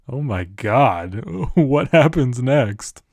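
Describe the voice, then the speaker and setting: A man's voice: medium pitch, expressive, drawn-out words, vocal fry, a little mellow. Playful man reading chatbot chats aloud. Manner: laughs often, playful. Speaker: YouTuber. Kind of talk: comedic reading of chatbot conversations.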